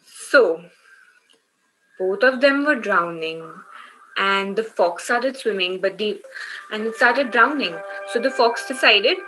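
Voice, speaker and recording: Bright-voiced woman teaching kids online. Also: mid-range voice, animated, slow, slight background noise, low-quality recording. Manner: encouraging, asks the kids questions, often checks with "okay?". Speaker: children's workshop teacher. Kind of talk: online class storytelling with quizzes.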